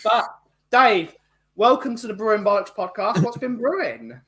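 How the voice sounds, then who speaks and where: A man's voice: high voice, expressive, moderate pace, fairly bright tone. A man hosting a casual podcast, teasing his co-hosts with jokes. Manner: jokey, teasing. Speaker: podcast host. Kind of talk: casual banter.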